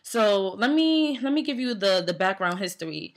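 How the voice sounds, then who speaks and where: A woman's voice: mid-range voice, normal speed. Woman ranting casually to camera. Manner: animated storytelling, quoting people, frequent fillers. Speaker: vlogger.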